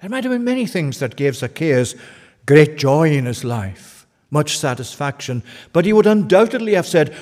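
A man's voice: a little high, sing-song, moderate pace, a little mellow, big-room sound. A male pastor preaching a sermon with earnest, urgent, pleading appeals to his listeners.

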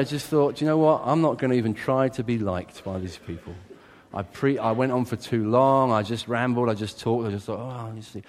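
A man preaching a sermon as a pastor, animated, swinging from loud exclamations to quiet asides. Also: medium pitch. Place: church. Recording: reverberant church hall.

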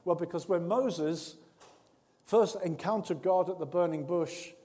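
Earnest high-voiced male preacher in a hall. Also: measured pace. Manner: earnest, swings between soft intimate tones and loud emphatic bursts. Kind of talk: sermon. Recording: long reverb of a large hall.

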